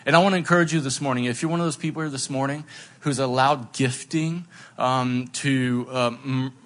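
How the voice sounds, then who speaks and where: A man's voice: medium pitch, fairly even intonation, brisk, fairly bright tone. A middle-aged man preaching a sermon in a conversational, self-deprecating way, with asides to the congregation. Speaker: pastor.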